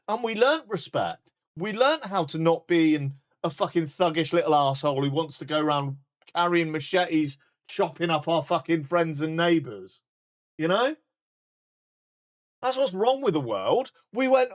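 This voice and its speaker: A man's voice: a little high, lively intonation, normal speed. A man in his forties with a British accent, ranting bluntly and heatedly in a sweary live stream chat. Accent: British English. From United Kingdom. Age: 40s.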